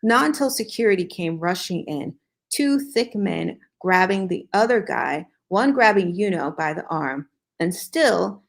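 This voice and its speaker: A woman hosting a show, reading a fan fiction story aloud in a slow, dramatic way and breaking off for joking asides. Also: on the low side, animated, gravelly.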